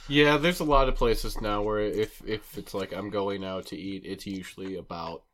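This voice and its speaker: A man's voice: lowish voice, fairly even intonation, normal speed, a bit bright. A young man co-hosting a casual food podcast, joking often with crude humor. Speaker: podcast co-host. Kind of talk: casual chat while eating.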